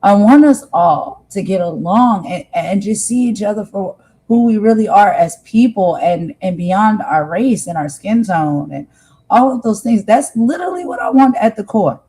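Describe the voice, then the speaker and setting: An American woman talks straight to her viewers on a livestream in a soft, mellow tone. She is heartfelt and earnest and says her points more than once. Her voice sits at an ordinary middle pitch for a woman. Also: lively intonation, moderate pace, husky, rough recording. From United States. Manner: heartfelt, repeats herself for emphasis, speaks straight to viewers. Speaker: livestream host.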